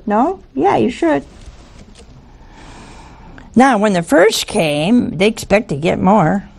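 A woman preacher delivers a televised sermon in a folksy, teasing style, speaking very slowly in a gravelly, creaky voice. She keeps posing rhetorical questions to viewers, and her medium-pitched delivery is sing-song and a little mellow.

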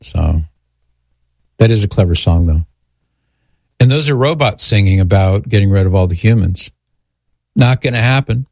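A man's voice: lowish voice, animated, normal speed, vocal fry, pauses often, darkish tone, no echo, studio quality. A man hosting a call-in radio show, talking conversationally between clips and callers.

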